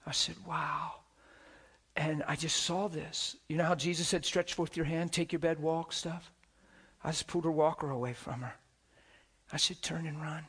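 A man preaching with a somewhat high voice. He tells stories animatedly, jumping from near-shouts to hushed whispers and laughing as he talks. A lively, unpolished pulpit delivery. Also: moderate pace, breathy edge. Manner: laughs while talking. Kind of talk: sermon with personal stories.

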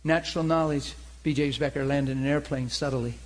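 A man preaching in an animated storytelling style, checking in with his listeners with frequent asides. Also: medium pitch, a little fast, poor audio. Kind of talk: sermon-style teaching.

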